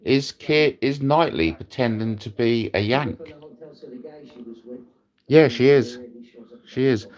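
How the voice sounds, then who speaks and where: A man's voice: medium pitch, slow pace, pauses often, darkish tone. A British man hosting a rambling livestream from his bed, crude and jokey, swearing freely. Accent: British English. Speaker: host. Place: in bed at home.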